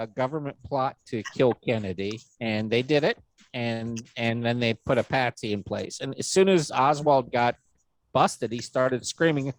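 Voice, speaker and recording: A man co-hosting a casual podcast, swearing freely and jumping high for quoted voices. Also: normal speed, no echo. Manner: animated, swearing, jumps pitch for quoted voices. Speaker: podcast co-host.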